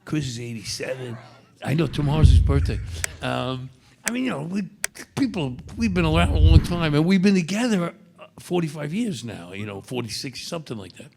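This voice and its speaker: Man, 70s, Brooklyn accent, gravelly, halting storyteller, convention Q&A. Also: fairly high pitch, expressive, noisy background. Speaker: guest actor on a fan panel. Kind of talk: convention Q&A, rambling anecdotes. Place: convention panel stage.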